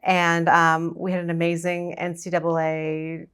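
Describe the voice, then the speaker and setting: A woman from Long Island, a surgeon, telling her story in a casual interview with a brisk, confident manner. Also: on the low side, monotone, a bit bright, clear, resonant tone. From Long Island, New York. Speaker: guest, surgeon.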